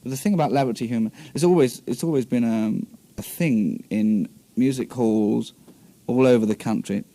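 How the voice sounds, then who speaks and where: A man's voice: medium pitch, normal speed, mellow. A man in his twenties with an English accent, answering questions in a radio interview with many ums and restarts, on an old 1960s radio tape. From England. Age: 20s. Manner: hesitant, many fillers and restarts. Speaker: guest comedian and musician.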